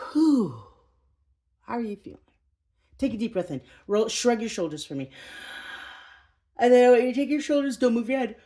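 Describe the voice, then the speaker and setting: A woman's voice: medium pitch, dark tone. A woman teaching a yoga class for the feet, talking the viewer through each move in a playful, chatty way with jokey asides. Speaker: yoga instructor. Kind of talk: guided exercise instruction.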